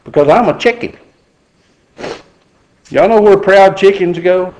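A man's voice: sits high, a little slow, a little mellow, poor audio. A middle-aged man preaching a sermon in a folksy, joking way. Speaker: pastor.

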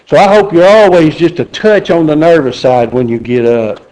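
A man's voice: a little high, normal speed, a little mellow, poor audio. A middle-aged man preaching a sermon in a folksy, joking way. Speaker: pastor.

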